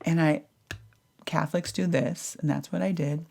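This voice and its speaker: Lively woman podcast host, lowish voice. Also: moderate pace, creaky. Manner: animated, acts out her own thoughts in a raised voice, swears casually. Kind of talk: personal storytelling monologue.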